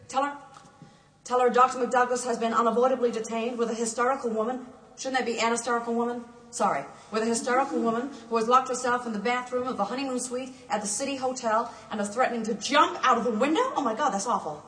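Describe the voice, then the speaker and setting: A woman's voice: on the high side, a bit bright, reverberant, recorded from a distance, close to an everyday voice. A woman playing a timid, lonely young woman in a musical, speaking meekly and singing wistfully. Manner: meek, self-effacing, wistful. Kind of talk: musical theatre acting and singing.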